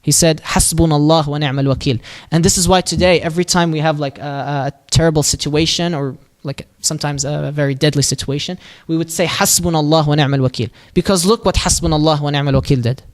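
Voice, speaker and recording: A man telling a prophet's story at a mosque in a lively, casual way, acting out the quoted lines and using Arabic phrases. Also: on the high side, fairly quick, hardly any pauses. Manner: casual, with fillers and restarts. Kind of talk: religious storytelling talk.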